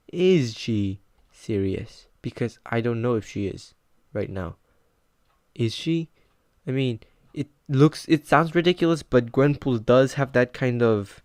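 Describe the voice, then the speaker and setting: A man's voice: mid-range voice, a little mellow, no room sound. Teenage male reviewer, chatty and rambling, mid-range voice, dry recording. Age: teens. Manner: rambling, filler-heavy with frequent "like". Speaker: comic book reviewer. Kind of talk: casual comic book review.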